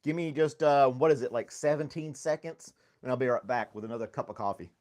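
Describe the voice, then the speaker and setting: This man's voice is medium in pitch, brisk and somewhat dark in tone. He's a podcast host doing a casual coffee live stream from his home studio with foam on the walls, chatty and quick to laugh while he goes through chat and talks to his dog.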